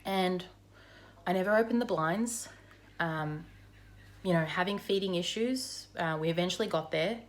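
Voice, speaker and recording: A woman gives a candid personal account in a slightly low voice. She speaks frankly and conversationally, with plenty of ums and you-knows along the way. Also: moderate pace, long pauses. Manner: frank and conversational, with many fillers. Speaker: mother sharing her recovery story.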